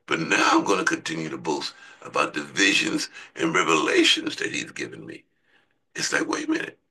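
A man's voice: vocal fry, slightly rough, rough recording. A man preaching a sermon in a conversational way, asking his listeners rhetorical questions. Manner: conversational, asks the congregation rhetorical questions, voice jumps high when excited.

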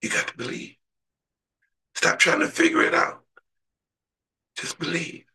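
A man preaching a sermon and leading a prayer, impassioned, surging from hushed to shouting. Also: measured pace, distant mic.

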